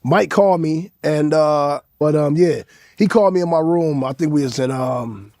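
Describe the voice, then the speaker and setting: A man's voice: fairly high pitch, moderate pace, darkish tone, no room sound, clean studio sound. A man casually telling a story in a nonchalant, conversational way. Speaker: interviewee. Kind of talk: casual anecdote.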